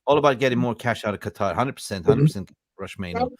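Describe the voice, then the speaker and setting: A man's voice: medium pitch, lively intonation, fast, crowd noise. A man hosting a casual football podcast, chatty and jokey, greeting viewers by name. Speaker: podcast host. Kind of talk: casual live-stream football chat.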